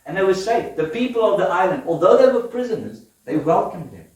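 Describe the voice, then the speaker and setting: Guy preaching, kinda high voice, lively storyteller, big echoey church sound from a far mic. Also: brisk. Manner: lively storytelling with laughs and questions to the congregation. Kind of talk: sermon. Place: church hall. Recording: echoey church hall from afar.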